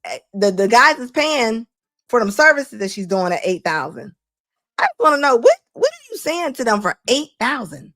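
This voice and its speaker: A woman's voice: fairly high pitch, sing-song, fairly bright tone, no echo, clean studio sound. A woman hosting a live stream, giving sassy, laughing reaction commentary. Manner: laughing, sassy, rapid asides.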